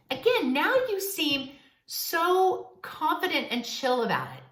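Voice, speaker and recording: A woman coaching viewers on dating in a playful, animated advice vlog. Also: high voice, a little slow, echoey room. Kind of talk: direct-to-camera advice vlog.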